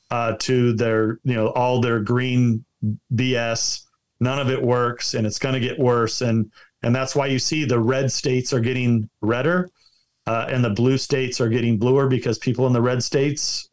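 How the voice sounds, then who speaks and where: A man talking as a guest in an interview, giving emphatic partisan commentary full of restarts and repeated words. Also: medium pitch. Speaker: political guest.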